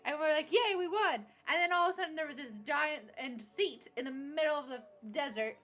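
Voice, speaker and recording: A woman's voice: high voice, fairly quick, bright, forceful tone. A young woman recapping a tabletop game session, bubbly and laughing as she acts out bits of dialogue. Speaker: player recapping a tabletop campaign. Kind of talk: casual recap chat.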